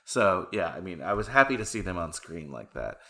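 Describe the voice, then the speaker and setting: A man's voice: low-pitched, big pitch swings, a little fast, creaky, pushed and bright. A man hosting a casual movie podcast, talking with enthusiasm and laughing often. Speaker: podcast host.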